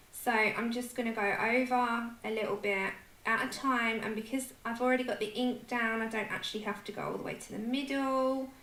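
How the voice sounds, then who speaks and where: Bright chatty London woman. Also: on the high side. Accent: London English. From London, England. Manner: chatty, self-deprecating, laughs often. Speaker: livestream host. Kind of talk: casual chat while colouring. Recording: echoey room with faint noise.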